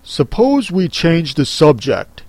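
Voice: mid-range voice, huge pitch swings, slow pace, a little mellow, dry recording, exaggerated voice. A reader voicing a bored, impatient hare who talks in a bossy way. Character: bored, yawning March Hare.

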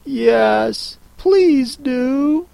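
A reader voicing a polite, curious young girl who speaks slowly and gently. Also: high voice, expressive, gravelly, dry recording, pitched above the performer's own voice, full character voice.

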